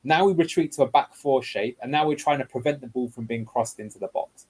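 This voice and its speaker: A husky-voiced man talks through match footage as a guest analyst. He explains each passage of play step by step, in a mid-range voice, for a tactical video breakdown. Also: mid-range voice, fairly quick, darkish tone, rough recording.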